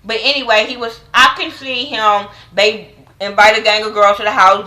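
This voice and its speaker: A woman's voice: medium pitch, fairly quick, pushed and bright, rough recording. A woman giving a blunt, profane, slang-heavy casual review of a reality TV episode. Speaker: reality TV recap vlogger.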